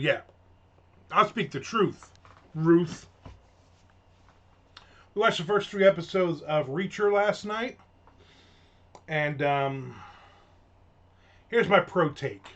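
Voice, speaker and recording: Here a middle-aged man with a mid-range voice runs his own rant segment. His delivery is casual, sarcastic and meandering, peppered with fillers and false starts, all captured in dull lo-fi audio.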